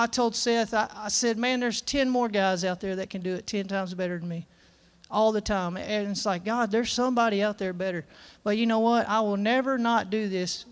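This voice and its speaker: Male preacher with a high, clear voice; folksy, earnest sermon delivery. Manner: folksy, earnest, reads scripture aloud with emphasis. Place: church service.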